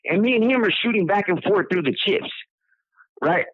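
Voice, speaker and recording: A man's voice: high voice, lively intonation, moderate pace, slightly rough, no room sound. A man from Southern California telling his own story in a rambling, casual way, repeating words and acting out what people said. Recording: dry tinny phone line.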